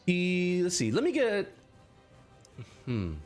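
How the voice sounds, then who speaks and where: A man's voice: high voice, wildly swooping pitch, soft background music. Scattered male game master narrating. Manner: scattered, halting, lots of restarts. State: sick. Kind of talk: narrating a tabletop game on a live stream.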